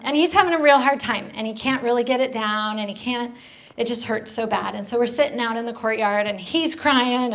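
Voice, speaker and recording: A woman's voice: high-pitched, fairly bright tone. A woman speaking to a church women's group, telling a personal story in a conversational way and putting questions to the audience. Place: church hall.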